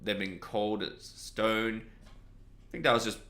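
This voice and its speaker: This man takes his time, speaking slowly in a low-leaning voice as he gives a rambling, casual video review of a TV episode. Excitable as he goes, he swears freely and keeps correcting himself.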